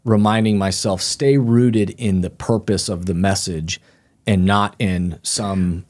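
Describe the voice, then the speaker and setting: Lower-voiced man telling animated stories. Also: slow. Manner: animated storyteller, acts out quoted people. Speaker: author and guest. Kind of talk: casual interview storytelling.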